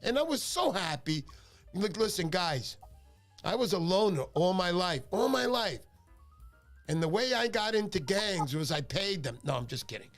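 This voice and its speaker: High, lively, gravelly New host. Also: male voice, normal speed, soft background music. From New York. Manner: animated, joking, rambling. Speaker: livestream fishing show host. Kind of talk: casual livestream chat.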